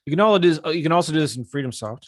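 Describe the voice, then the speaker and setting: Energetic man coaching on a live webinar. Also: on the high side, rapid-fire, no echo, studio quality. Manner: casual, energetic, talks straight to viewers. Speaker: real estate investing coach. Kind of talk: live webinar screen-share teaching.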